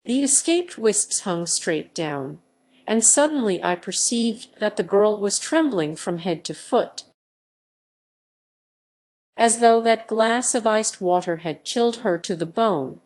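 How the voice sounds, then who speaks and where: A woman narrating a classic novel as an audiobook in a measured, even reading. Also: mid-range voice. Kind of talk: scripted narration.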